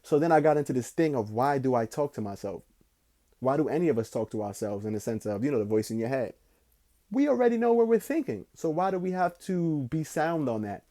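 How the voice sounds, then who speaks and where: A young podcast host with a mid-range voice tells a rambling, casual story. He's slangy and profane, drifting from slow musing into excited bursts.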